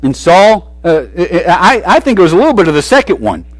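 Man, preacher, sermon, fairly high voice, dry close recording, animated, restarts often. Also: fairly quick, no room sound, poor audio. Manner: animated, swings between loud and soft, frequent restarts.

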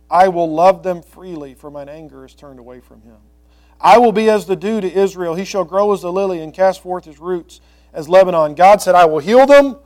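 A male pastor teaching through scripture verse by verse, reading the old text slowly and explaining it in quick, conversational asides. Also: high voice, darkish tone.

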